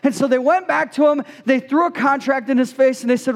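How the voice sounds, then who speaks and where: High-voiced man telling a story in a hall. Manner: animated storyteller, quick asides. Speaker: guest speaker. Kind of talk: storytelling talk to a youth group.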